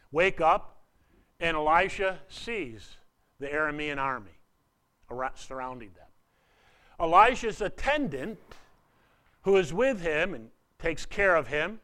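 A man preaching a sermon as a pastor, retelling a scripture story, swinging between loud outbursts and hushed, quiet lines. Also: sits high, clean tone.

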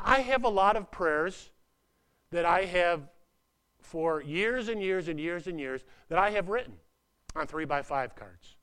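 Guy preaching, kinda high voice, chatty, gets quiet then really punches stuff. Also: smooth. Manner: lively and emphatic, swings from hushed to loud; conversational with asides and restarts. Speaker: pastor. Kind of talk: sermon.

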